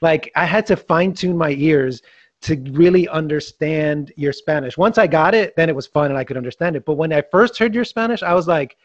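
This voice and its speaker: A man hosting a casual podcast interview in a friendly way, laughing along with his guest. His voice sits a little higher than most men's. The sound is dry and slightly muffled, like a call recording. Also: brisk, dry recording. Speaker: podcast host.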